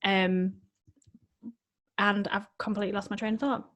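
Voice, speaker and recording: A woman chats on a podcast in a heartfelt, emotional way. She rambles and restarts her sentences as her thoughts unfold. Her pitch sits in the ordinary middle range for a woman. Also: flat delivery, normal speed, fairly bright tone. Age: adult, married with children. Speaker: life coach, podcast guest. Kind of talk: casual podcast conversation.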